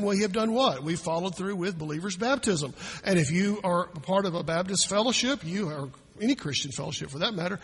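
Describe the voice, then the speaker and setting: A man's voice: high voice, fairly bright tone, breathy edge, in a large hall. A male pastor preaching a sermon in a church, talking conversationally and acting out the people he quotes.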